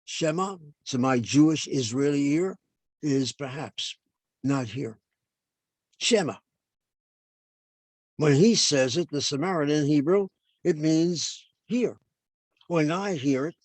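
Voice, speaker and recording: A man's voice: a little high, unhurried, darkish tone, dry recording. An older man lecturing as a professor over a video call, explaining points and then asking and answering his own questions.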